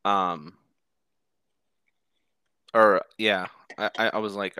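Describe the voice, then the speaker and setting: A man co-hosting a fantasy football podcast, telling animated stories in casual chat and swearing now and then. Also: fairly low pitch, drawn-out words, pauses often, clear, resonant tone, no room sound, clean studio sound. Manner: animated storyteller, swears, mimics others.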